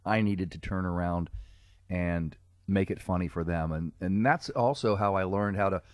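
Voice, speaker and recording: Deep-voiced man telling stories. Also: normal speed, no room sound, clean studio sound. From Cincinnati, USA. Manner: storytelling, laughs often, self-mocking. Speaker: guest, comedic speaker and character performer. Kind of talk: casual podcast chat.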